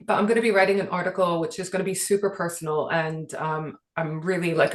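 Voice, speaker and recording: A woman's voice: fairly low pitch, steady tone, fast talker, few pauses, roomy sound. A woman who grew up in Britain, co-hosting a podcast and talking in an earnest, emotional way with many fillers. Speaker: podcast co-host. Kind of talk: casual chat.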